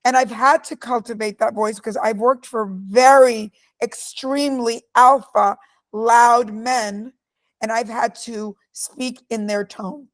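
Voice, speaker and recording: Forceful high-voiced middle-aged woman. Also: fairly even intonation, takes it slowly. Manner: forceful, storytelling, emphatic. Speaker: guest speaker. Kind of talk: candid interview answers.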